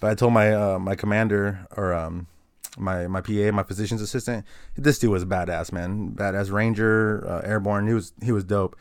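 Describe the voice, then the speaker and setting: A man's voice: lowish voice, fairly even intonation, normal speed, clean tone, no room sound, studio quality. Laid-back man telling war stories. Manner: laid-back, profane, laughs while telling grim stories. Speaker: guest, former army medic. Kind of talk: casual podcast storytelling.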